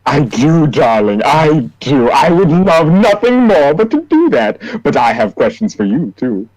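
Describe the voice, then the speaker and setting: A man's voice: a little high, big pitch swings, a little slow, a little mellow, no echo, voice pushed up, low-quality recording. A man voicing a dainty, theatrical male character who mockingly calls others darling. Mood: smug.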